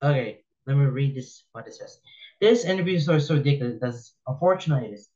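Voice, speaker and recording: A man's voice: mid-range voice, lively intonation, fast talker, a little mellow, muffled recording. A man giving casual commentary as he reads posts aloud, rambling and opinionated, often repeating himself and restarting sentences. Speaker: reaction video host.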